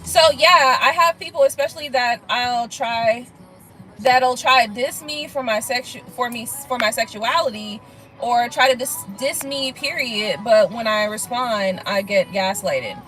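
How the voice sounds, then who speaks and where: A woman chats through viewer comments on a casual live stream, blunt and profane, laughing things off. Her voice sits high and bright. Soft music plays faintly underneath. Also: unhurried, rough recording. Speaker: tarot reader on a live stream.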